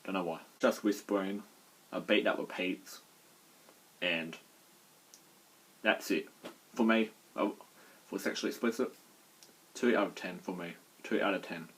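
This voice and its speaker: A man's voice: low voice, steady tone, unhurried, long pauses, fairly bright tone, a little hiss or hum. A man reviewing songs in casual chat, crude and mocking, swearing freely. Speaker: album reviewer.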